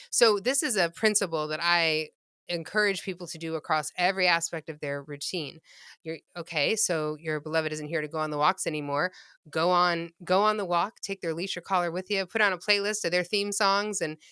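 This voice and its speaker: A woman pet loss grief counselor, speaking gently and earnestly in a podcast interview. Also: on the low side, a little fast, clean tone, no room sound, clean studio sound.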